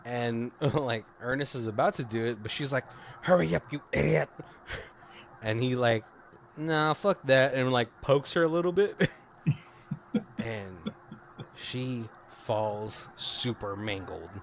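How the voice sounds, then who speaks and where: A man's voice: mid-range voice, slow pace, a little hiss or hum. A man co-hosting a podcast in casual chat, retelling film scenes with lots of laughter and acting out the lines. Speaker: podcast co-host.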